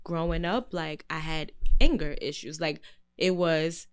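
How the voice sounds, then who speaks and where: A woman's voice: low voice, measured pace, smooth. Candid woman chatting casually. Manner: candid, confiding. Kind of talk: casual chat.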